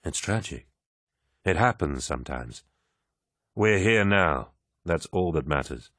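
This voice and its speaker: A man voicing a calm, commanding male warlord in an audiobook who speaks slowly and softly. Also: sits low, dry recording, studio quality, heavily acted. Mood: calm authority. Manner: slow, soft and measured.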